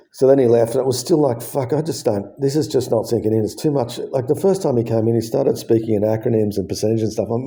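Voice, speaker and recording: A man's voice: mid-range voice, quick pace, warm tone. A man, telling the story of his heart surgery in a casual, blunt way, swearing freely and acting out what people said. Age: 50s. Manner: blunt, swears freely, acts out both sides of conversations.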